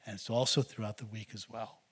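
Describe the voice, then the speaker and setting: Male pastor, husky voice, earnest exhorting sermon delivery. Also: lowish voice, fairly even intonation, a little fast.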